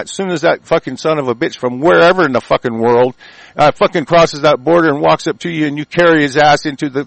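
A man's voice: medium pitch, creaky, a bit bright, no room sound, rough recording. A man from the United States hosting his own broadcast, delivering an angry, profane, mocking political rant. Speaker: host of an online broadcast.

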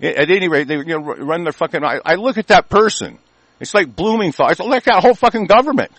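Angry American male radio host, higher-pitched voice, dry close sound, swearing and stumbling over restarts. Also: lively intonation, quick pace, a bit bright, no echo. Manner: angry, profane, stammering restarts. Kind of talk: ranting talk radio monologue.

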